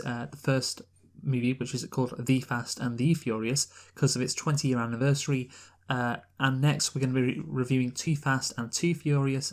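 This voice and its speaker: A man co-hosting a podcast in casual, rambling chat, often laughing. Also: medium pitch. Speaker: podcast co-host.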